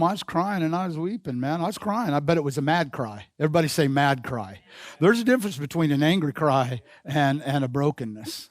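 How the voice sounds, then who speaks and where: A male pastor with a fairly high voice preaches a sermon in a church sanctuary, repeating key phrases and calling on the congregation to answer back as his force builds. The recording is dry and close, with little room sound.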